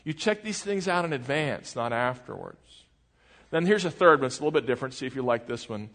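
A man's voice: medium pitch, lively intonation, brisk, fairly bright tone. A male pastor giving a sermon in a conversational way, asking the congregation questions as he goes. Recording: long reverb of a large hall.

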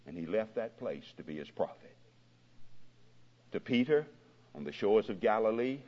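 A man preaching a sermon as pastor, his voice swelling and dropping dramatically in pitch and loudness, recorded in a church. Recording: dull lo-fi recording with long hall reverb.

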